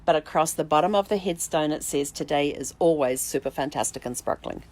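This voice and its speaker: A middle-aged woman hosting her own vlog, telling a personal story in a reflective, unhurried way, with halting restarts and soft "um"s. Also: low-pitched. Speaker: vlog host, family tree researcher.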